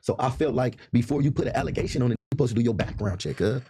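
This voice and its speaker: Fast-talking husky man in his thirties. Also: mid-range voice, dry recording. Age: 30s. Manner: rapid, repetitive, animated storytelling. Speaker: podcast guest. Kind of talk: heated casual talk.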